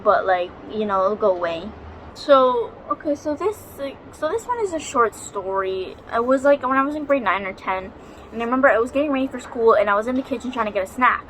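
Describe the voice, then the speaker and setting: A woman's voice: a little high, animated, brisk, a bit bright, a little hiss or hum, low-quality recording. A young woman vlogging at home, telling a ghost story in a chatty, dramatic way and swearing freely. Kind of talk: casual storytelling vlog. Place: home, near a balcony.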